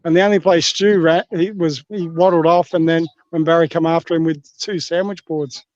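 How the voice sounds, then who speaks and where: A man's voice: on the high side, fairly even intonation, brisk, no echo, highs cut off. A man from Australia with an Australian accent, chatting on a livestream in a rambling, crude, joking way. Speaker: stream guest. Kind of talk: casual livestream chat.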